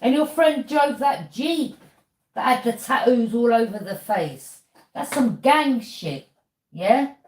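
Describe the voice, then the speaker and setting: A woman's voice: a little high, lively intonation, slow, echoey room. A woman tarot reader, delivering an accusing monologue to camera and throwing out "yeah?" as a challenge.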